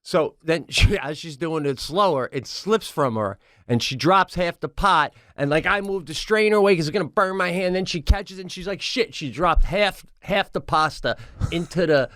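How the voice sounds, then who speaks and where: A man co-hosting a podcast, telling a story in casual chat, animated and swearing, acting out other people in raised voices, recorded in a home studio. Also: fairly high pitch, moderate pace, hardly any pauses, no room sound. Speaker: podcast co-host.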